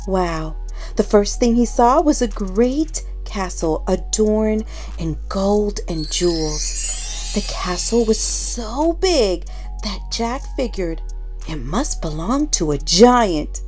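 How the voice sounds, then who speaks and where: A woman reading a children's bedtime story aloud in an expressive, dramatic way with pauses. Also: mid-range voice. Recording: soft music underneath.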